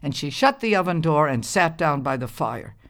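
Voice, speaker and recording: A woman reads a fairy tale aloud in a calm, measured storytelling voice. Her pitch sits a little low and her tone stays expressive. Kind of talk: storybook reading.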